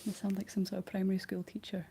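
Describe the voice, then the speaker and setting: Scottish lady whispering asmr chat, mellow and flat, bit of hiss behind. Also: mid-range voice, fast talker, vocal fry. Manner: soft whispered rambling while painting. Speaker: ASMR livestream host.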